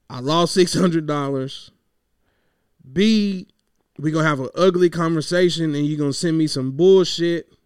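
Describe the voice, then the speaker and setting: A man's voice: a little high, clean tone, dry recording, clean studio sound. A man who hosts a podcast, venting in a casual, rambling monologue and swearing freely as he talks through his frustration.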